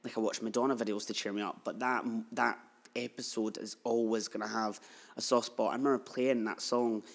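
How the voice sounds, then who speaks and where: A man's voice: lowish voice, level tone, brisk, gravelly. A man in his thirties hosting a podcast, telling a personal story in a chatty, heartfelt way, full of asides. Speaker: podcast host.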